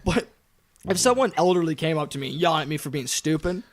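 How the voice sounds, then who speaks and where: A young man co-hosting a podcast in casual chat, excitable, interrupting and swearing freely. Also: fairly high pitch, fast talker. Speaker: podcast co-host.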